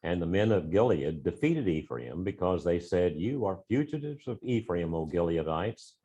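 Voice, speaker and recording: Deep-voiced man reading scripture aloud. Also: lively intonation, moderate pace, warm tone, husky. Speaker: class member reading scripture. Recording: dull, muffled room recording.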